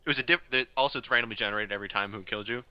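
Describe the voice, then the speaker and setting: A young man, a guest on a casual podcast, telling animated stories and laughing often. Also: lowish voice, racing, clean tone, no room sound, dull audio.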